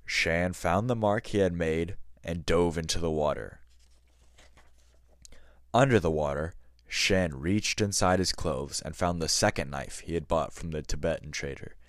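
A man with a very deep voice reads a story aloud as a podcast host. He narrates in a measured, scripted way. The sound is dry and close. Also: fairly bright tone, no echo.

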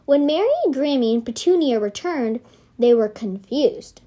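A woman with a fairly high voice reads her homemade story aloud as its narrator. She rambles into little asides and keeps correcting herself as she goes. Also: lively intonation, unhurried, dark tone.

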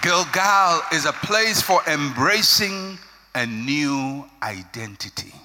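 A man's voice: on the high side, expressive, takes it slowly, a crowd in the background, noisy background. A man preaching a sermon with an emphatic, rising and falling cadence. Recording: long hall reverb.

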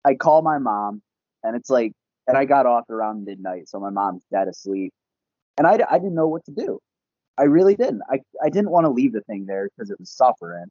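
A young man, a podcast guest, telling a casual story in an animated, profane way and laughing often. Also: mid-range voice, a little fast, no room sound. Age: young adult. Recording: dull, lo-fi podcast audio.

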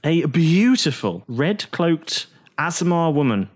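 Male game master, animated and playful delivery. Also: a little high, slow. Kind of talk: narrating a tabletop game.

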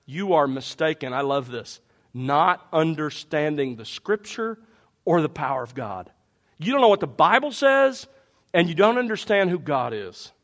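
A man with a fairly high voice preaches a sermon. He teaches through a Bible passage with energy, leaning on emphatic rhetorical questions to drive each point home. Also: a bit bright. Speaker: pastor.

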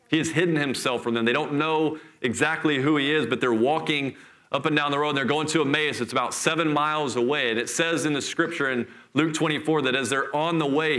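A middle-aged man preaching a sermon in church, telling a scripture story with lively, acted-out voices. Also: mid-range voice. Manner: animated storytelling, acts out voices. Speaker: pastor.

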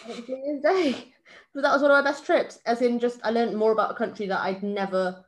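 A woman around thirty, co-hosting a podcast in casual chat and telling lively stories. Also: a little high, fast. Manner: chatty storyteller, animated when telling anecdotes. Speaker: podcast co-host.

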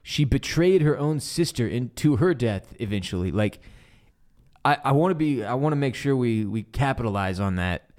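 A man co-hosting a podcast, casually recapping a TV episode with lively retelling and bits of swearing. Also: medium pitch, moderate pace. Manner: animated retelling, acts out character quotes, swears casually. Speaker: podcast co-host.

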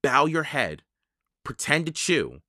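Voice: mid-range voice, big pitch swings, slow pace, bright, forceful tone, no room sound, clean studio sound, heavily acted. A storyteller voicing a cautious, bookish young boy in a children's audiobook, with a worried, bossy manner. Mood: urgent.

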